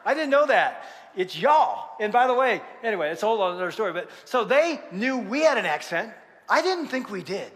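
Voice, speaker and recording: In a big-room sound, a pastor speaks fairly quickly in a high voice as he preaches in a large church. He brings his sermon to life with stories and jokes shared with the congregation.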